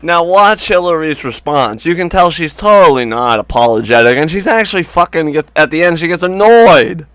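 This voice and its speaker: A man talks through a rambling, sarcastic commentary, swearing freely as he goes. His voice sits a bit high for a man, recorded close and dry with almost no room sound. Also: big pitch swings, moderate pace, hardly any pauses, fairly bright tone, clear, resonant tone, no echo. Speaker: commentary host. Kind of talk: crude comedic political commentary.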